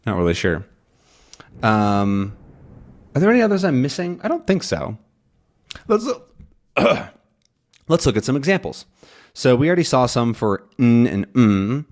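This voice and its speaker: A young man giving a relaxed English pronunciation lesson, thinking aloud with frequent ums. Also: medium pitch, unhurried, pauses often. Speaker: English teacher.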